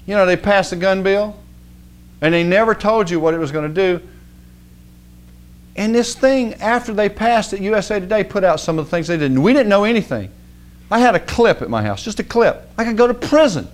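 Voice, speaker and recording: Male preacher, folksy conversational sermon, slightly high voice, swings from hushed to emphatic. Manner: animated, rising to emphatic outbursts.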